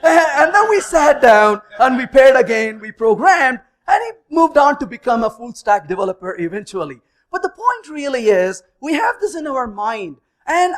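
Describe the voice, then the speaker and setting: A man in his fifties giving a technical conference talk, telling stories and acting out the dialogue in them. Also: very high voice. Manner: animated, acts out dialogue in stories. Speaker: conference speaker.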